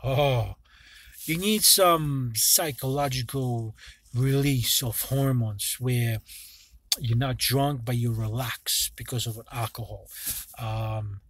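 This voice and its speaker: A man rants loosely to his viewers, peppering his talk with swearing. His pitch sits right in the middle. He often stops and restarts his sentences as he thinks aloud. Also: slow, fairly bright tone, no room sound. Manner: rambling and profane, with many restarts. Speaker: vlogger. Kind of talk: casual vlog rant.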